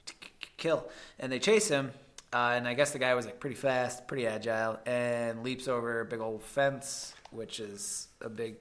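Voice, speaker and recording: A man from the American Midwest co-hosting a podcast, telling a story in a rambling, halting way and laughing easily. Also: medium pitch, fairly even intonation, a bit bright. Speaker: podcast co-host. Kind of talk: casual chat.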